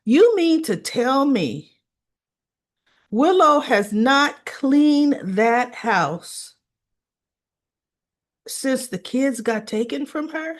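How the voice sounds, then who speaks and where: A woman casually recapping a soap opera episode, chatty, retelling scenes with quoted lines and asking "right?" as she goes. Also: on the high side.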